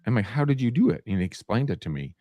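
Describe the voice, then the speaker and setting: A man co-hosting a casual podcast chat about real estate, an animated storyteller who acts out quoted people. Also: medium pitch, fast, dry recording.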